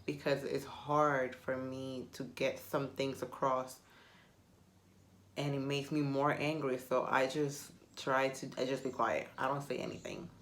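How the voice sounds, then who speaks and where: A woman's voice: very deep voice, steady tone, unhurried, a bit bright, slight background noise. A woman whose first language is Spanish, chatting casually to camera and rambling with self-mocking humor. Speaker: vlogger.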